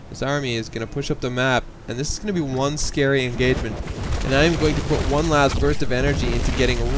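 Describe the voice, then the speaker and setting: A man's voice: medium pitch, fast talker, noisy background. A man casting a video game match in a casual, joking play-by-play style. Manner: casual, jokey, builds to excited shouting. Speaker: game caster. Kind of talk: esports play-by-play commentary.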